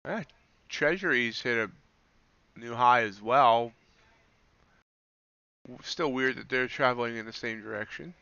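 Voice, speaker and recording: A man's voice: mid-range voice, measured pace, vocal fry, long pauses, smooth, no room sound, lo-fi sound. A man hosting a casual live stream, commenting on the futures market and answering chat as he goes. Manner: relaxed, thinks aloud, answers chat. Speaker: livestreaming futures trader.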